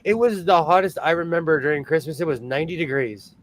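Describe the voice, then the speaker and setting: A man's voice: a little high, fast talker. A man hosting a sewing livestream, chatting casually and animatedly, laughing often.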